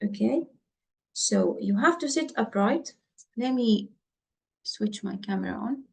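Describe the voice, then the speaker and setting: A woman's voice: mid-range voice, lively intonation, gravelly, darkish tone. A woman teaching doctors in an online lesson over a computer mic, repeating her points and checking in with her listeners. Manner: slow, repetitive, checks in with listeners. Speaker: medical exam tutor.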